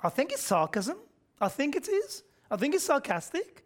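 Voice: sits high, huge pitch swings, moderate pace. A preacher giving a conversational sermon, asking the congregation questions and chuckling mid-sentence. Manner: conversational, quizzes the congregation, frequent rhetorical questions.

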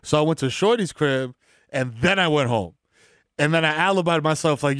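A man's voice: a little high, normal speed, fairly bright tone, no room sound, clean studio sound. A man, co-hosting a podcast in casual chat and joking in crude street slang.

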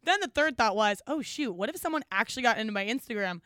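A woman co-hosting a podcast tells a story in casual chat, acting out every quoted line as she goes. Her voice sits a little high. The sound is dry and close, with no room behind it. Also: expressive, fast, bright, forceful tone, no echo. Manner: storytelling, acts out quotes, laughs often. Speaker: podcast co-host.

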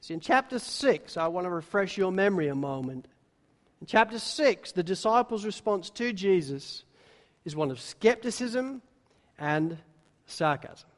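A man preaching a sermon, now and then acting out the disciples' words in quick little voices. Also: sits high, expressive. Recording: long hall reverb.

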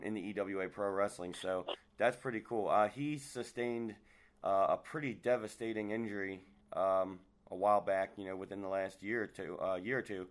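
A man hosting a casual podcast chat, rambling along with many fillers. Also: fairly low pitch. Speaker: host.

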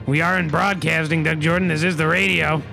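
A man's voice: on the high side, fairly even intonation, fairly quick, vocal fry, pushed and bright, faint music behind. A man hosting a comedy podcast, leading the bit in a mock-serious way. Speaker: podcast host. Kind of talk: comedic banter.

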